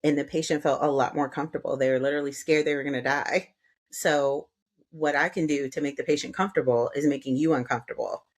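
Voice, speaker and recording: A woman's voice: low voice, fairly even intonation, fast talker. A young woman, an anesthesia student guest on a podcast, speaking candidly and telling stories. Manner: candid, storytelling, acts out quoted exchanges. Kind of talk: podcast interview.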